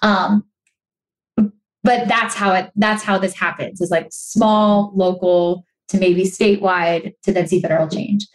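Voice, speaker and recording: A young adult woman talking casually as a podcast guest, animated and chatty, full of restarts and "like"s, sometimes acting out quoted voices. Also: medium pitch, measured pace. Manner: acts out quoted voices for emphasis. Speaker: podcast guest, sustainability creator. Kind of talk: casual interview chat.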